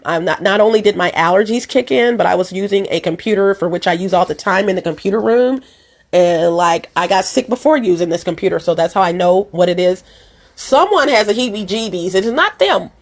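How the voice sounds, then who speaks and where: A woman vlogging in casual chat, hoarse from allergies and a cold, rambling and repeating herself as she talks to her viewers. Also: medium pitch, a little fast. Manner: rambling and repetitive, addresses viewers as "you guys". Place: at home.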